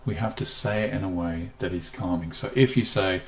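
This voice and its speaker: Male seminar presenter, low voice, live stream from an echoey room at home, shifts into slow soothing delivery. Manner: deliberately slows and softens his voice to demonstrate calm. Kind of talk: live online seminar talk. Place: room at home with a guitar behind.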